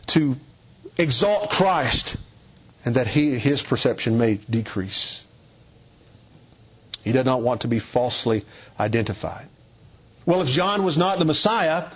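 A man preaching an expository sermon, emphatic and deliberate, leaning hard on key words. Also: a little high, slightly rough, lo-fi sound.

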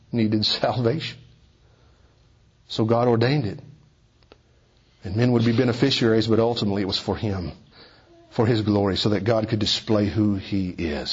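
A man preaching a sermon, rising to emphatic high points and dropping to hushed low passages. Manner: wide swings between soaring emphasis and hushed low passages. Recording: dull lo-fi recording.

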